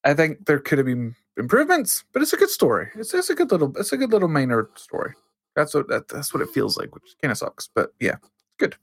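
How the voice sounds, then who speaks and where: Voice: mid-range voice, wildly swooping pitch, a little fast, breathy edge. A co-host on a casual gaming podcast, talking enthusiastically and repeating words while looking for the right phrase.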